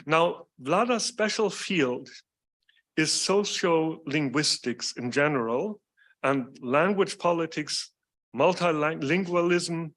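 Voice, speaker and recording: A man introducing a guest speaker at a lecture series in a measured, scripted manner. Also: on the high side, fairly bright tone. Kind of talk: formal introduction. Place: lecture hall.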